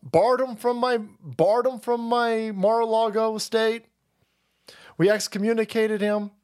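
A man's voice: sits high, fairly even intonation, unhurried, a little mellow, clear, resonant tone, pitched above the performer's own voice. A man mimicking a boastful, dismissive older politician.

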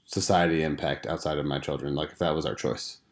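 Low-voiced guy in his 30s, calm blunt chat, casual podcast talk. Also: quick pace. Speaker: podcast co-host, parent.

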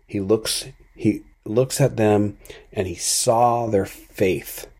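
Mellow, husky man giving a devotion. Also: on the low side, fairly even intonation. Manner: earnest, thoughtful, unhurried. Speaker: podcast host giving a daily devotion. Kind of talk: reflective devotional talk.

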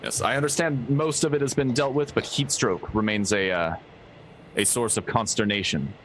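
A man voicing a polite, formal male cleric in a tabletop game, speaking higher than his own voice. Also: fairly even intonation, moderate pace, fairly bright tone, a little hiss or hum, natural voice. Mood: courteous. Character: courteous male cleric adventurer.

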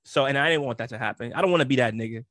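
A young man in casual chat, telling a story in a slangy, animated way and acting out the other people in it. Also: medium pitch, racing, dry recording, studio quality. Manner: slangy, animated storytelling with frequent laughs and acted-out quotes.

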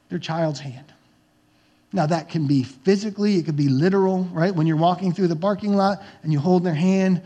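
Male pastor, high tenor voice, conversational sermon delivery that breaks into acted-out quotes. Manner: conversational preaching, acts out yelling parents and coaches.

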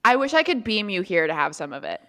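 A woman at a tabletop game with a bright, mid-pitched voice. She cracks jokes and narrates her character's moves in a casual way. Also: very animated, fast. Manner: jokey, describes her character's actions. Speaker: player.

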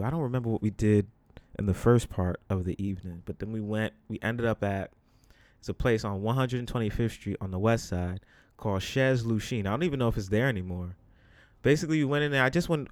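A man's voice: fairly low pitch, a little mellow, no echo. A young man hosting a podcast, telling a story in a casual, emphatic, slangy way and swearing freely. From the Bronx, New York. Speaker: podcast host.

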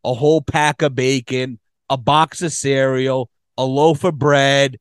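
A man's voice: medium pitch, steady tone, measured pace, clean tone, no echo, clean studio sound. A man hosting a podcast, telling rambling, profane stories in casual chat. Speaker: podcast host.

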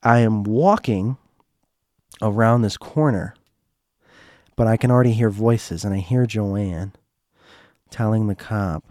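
A man hosting a podcast, telling a casual anecdote in a rambling, animated way and jumping higher when he quotes himself. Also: slow, pauses often, no echo, studio quality. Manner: animated, rises in pitch when quoting himself; rambling, with many fillers. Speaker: podcast host.

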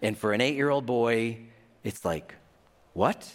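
A man preaching a sermon, telling a childhood story with acted-out voices and a lively delivery. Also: mid-range voice, measured pace. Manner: animated storytelling with acted-out quotes. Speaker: pastor. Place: large hall. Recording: reverberant hall.

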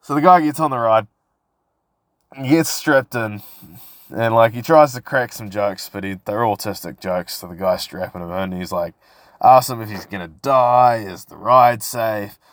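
A man's voice: lowish voice, normal speed, dry recording. A man hosting a casual solo podcast, rambling and swearing as he tells stories. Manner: rambling, sweary, laid-back storytelling. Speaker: podcast host.

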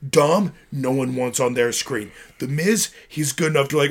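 Male co-host, husky mid-pitched voice, easygoing and agreeable. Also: moderate pace, hardly any pauses. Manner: mostly short agreeing replies, relaxed opinions. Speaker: podcast co-host. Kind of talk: casual chat.

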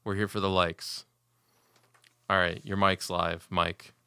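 A man's voice: low-pitched, flat delivery, slow pace, sharp tone, clean tone, no echo. A man hosting a casual podcast, joking and teasing his co-hosts. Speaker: podcast host. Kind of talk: casual banter.

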